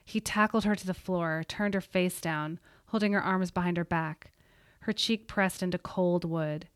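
A woman's voice: lowish voice, normal speed, no echo, studio quality. Woman narrating a suspenseful story. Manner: steady, suspenseful reading. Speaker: audiobook narrator. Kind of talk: scripted narration.

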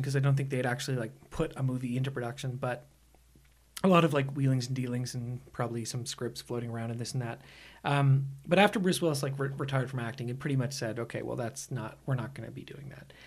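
A man co-hosting a movie podcast in casual, joking chat, laughing often. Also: medium pitch. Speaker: podcast co-host.

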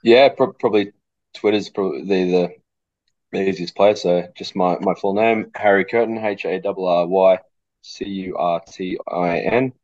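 Very low, dry-sounding coach. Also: male voice, fairly even intonation, normal speed, a little mellow, no room sound, dull audio. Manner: thoughtful, repeats words as he thinks. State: coughing fit. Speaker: coach, interview guest. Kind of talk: casual interview chat.

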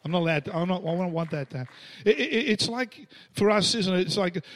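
A man's voice: high-pitched, animated, fast talker, hardly any pauses, a bit bright. A middle-aged Australian man preaching a storytelling sermon, acting out the voices he quotes and laughing between lines. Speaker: pastor.

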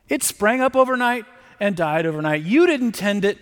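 High-voiced preacher in a reverberant hall. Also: male voice, expressive, normal speed. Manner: conversational preaching, with frequent "right?" tag questions. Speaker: pastor. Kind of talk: sermon. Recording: long reverb.

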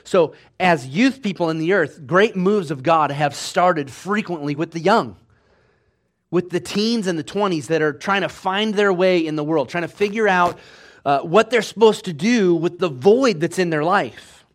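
This preacher has a high voice and speaks at a normal speed. He tells a story within his sermon, acting out quotes with energy and alternating booming moments with hushed ones.

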